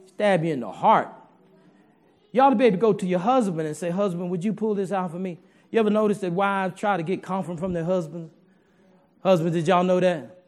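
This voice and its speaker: A man's voice: sits high, fairly quick, pauses often, darkish tone. A man preaching a sermon to his congregation in a folksy, humorous way, talking straight to the listeners.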